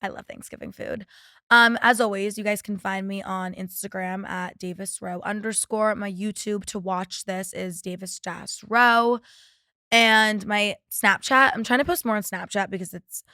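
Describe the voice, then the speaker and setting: A woman's voice: medium pitch, steady tone, moderate pace, bright, forceful tone, no echo, clean studio sound. A young woman in her twenties hosting a casual solo podcast, chatting and swearing freely as she reads out listener stories. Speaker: podcast host.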